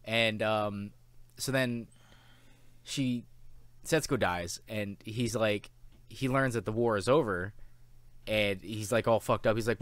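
A man co-hosting a casual film review chat, animated and swearing often as he acts out lines from the film. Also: lowish voice, takes it slowly, long pauses, dry recording. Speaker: podcast co-host.

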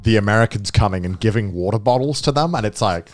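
Young male podcast co-host, casual and animated, swears freely, pitch jumps around a lot. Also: quick pace, faint music behind. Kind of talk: casual chat.

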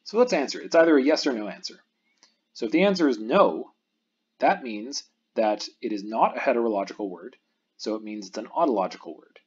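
A man lecturing on a university math course in a recorded online lecture, explaining step by step and pausing to let the viewer think. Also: mid-range voice, lively intonation, breathy edge, muffled recording.

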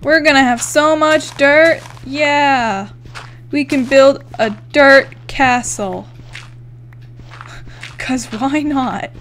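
Chatty young woman gamer, high voice. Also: slow, fairly bright tone, slight background noise. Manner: chatty, swears freely, thinks aloud while counting blocks. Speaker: gaming YouTuber. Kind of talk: casual Minecraft let's play commentary.

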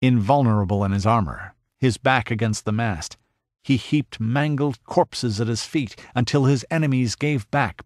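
A man giving a dramatic audiobook narration in a measured, grave way. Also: mid-range voice, no echo, clean studio sound.

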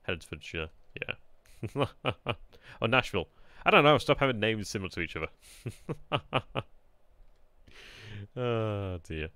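A man casually commentating as he plays a strategy game, chatty and excitable, often laughing at himself. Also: fairly low pitch, slow pace, pauses often, no echo. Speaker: gameplay commentator. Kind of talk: casual let's-play commentary.

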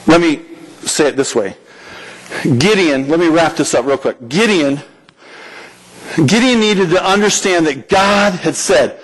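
A man preaching a sermon in a church, animated and lively, acting out prayers and dialogue as he goes. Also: on the high side, measured pace, long pauses, breathy edge, low-quality recording. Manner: animated, acts out prayers and dialogue in quoted voices.

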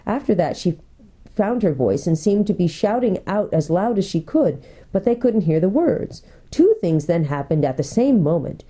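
Lady pastor reading a kids book out loud, deep mellow voice, lots of ups and downs. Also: slightly rough. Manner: expressive storytelling. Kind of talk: reading a children's book aloud.

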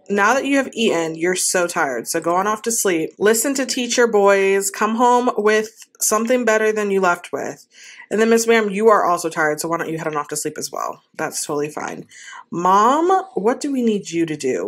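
A woman giving casual gameplay commentary, talking to her game characters in an exasperated, playful way. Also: medium pitch. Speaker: gaming host.

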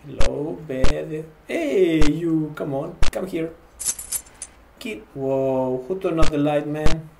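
Slow and high for a man, with vocal fry, this gamer plays a horror game as a comedic vampire, narrating in broken English and addressing whatever appears on screen. The sound is roomy with background noise.

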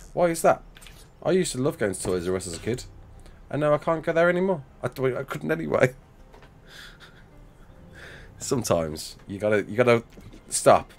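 Animated man streaming a game. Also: lowish voice. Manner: animated, reacts to chat with laughs and outbursts. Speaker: livestreamer. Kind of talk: casual livestream chat while playing.

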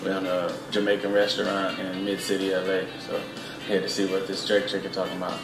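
Low-voiced man speaking calmly in an interview, music under, echoey. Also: fairly quick. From Los Angeles. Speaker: restaurant owner's son. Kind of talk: interview talk.

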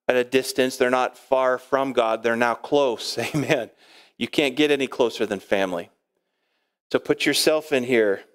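A male pastor preaching a sermon in a lively way, acting out quoted speech and chuckling often. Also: mid-range voice. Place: church sanctuary.

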